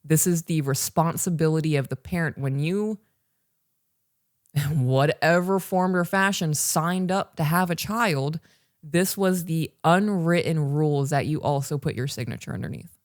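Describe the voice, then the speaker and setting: Recorded live for online patrons, this casual parenting podcast features a female co-host in her thirties whose low voice moves at an unhurried pace. She talks emphatically and directly to the listener. The sound is clean studio quality with no room sound.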